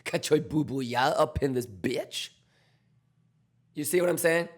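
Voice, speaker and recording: A man hosting a trading livestream, loud and swaggering, swearing and chanting, his voice hoarse and almost gone. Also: a little high, expressive, unhurried. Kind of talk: hyped livestream chat. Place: home.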